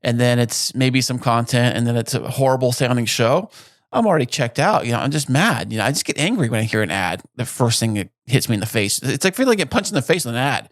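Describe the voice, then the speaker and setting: A male podcast host chatting casually with a guest, quick to joke and say what he thinks. His pitch moves around a lot as he talks. The recording is dry and close. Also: no echo. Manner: joking, expressive. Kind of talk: casual interview chat.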